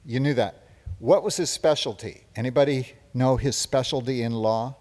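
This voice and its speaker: A man's voice: mid-range voice, normal speed, a little mellow, natural voice. A man playing a boastful, rambling hippie president in a live one-man stage parody, taking questions from the audience. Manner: boastful, rambling, self-praising. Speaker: stage performer in a one-man comedy show. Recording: long reverb from a live stage.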